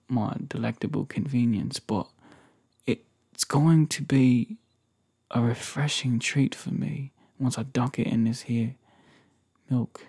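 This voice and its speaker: Gravelly, husky man in whispered role-play. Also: mid-range voice. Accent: put-on London accent. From United States. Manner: playful, flirty, rambling, soft-spoken. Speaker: ASMR creator.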